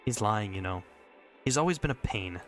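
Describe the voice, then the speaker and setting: A man plays a loyal young boy in a visual novel reading. He is hesitant and earnest, steady underneath, spoken in a low register. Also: normal speed, soft background music.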